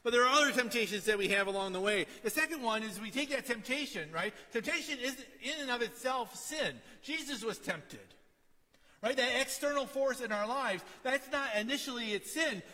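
A middle-aged man preaching a sermon in a conversational way, often asking "right?" and dropping to a quiet storytelling tone. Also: extremely high pitch, lively intonation, normal speed, long reverb tail. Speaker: pastor.

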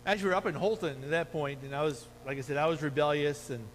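Middle-aged male preacher, earnest exhorting sermon delivery, high voice, reverberant hall. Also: quick pace. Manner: earnest, exhorting, quotes scripture. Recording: long hall reverb, faint hum.

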